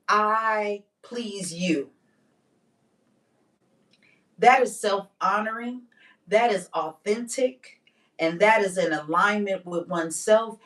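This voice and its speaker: A woman speaks in a casual personal monologue, candid and emphatic, with plenty of slang. She slows down to drive home her points. Her voice sits a bit back from the microphone, with a touch of distance. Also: mid-range voice. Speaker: vlogger.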